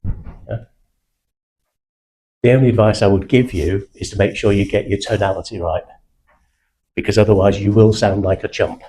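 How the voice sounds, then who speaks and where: A man runs a sales training session, talking bluntly and confidently. His low, warm voice carries British slang. A faint room ambience sits underneath. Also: steady tone, moderate pace, pauses often, slight background noise, poor audio. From England (South Manchester). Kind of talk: live sales training talk.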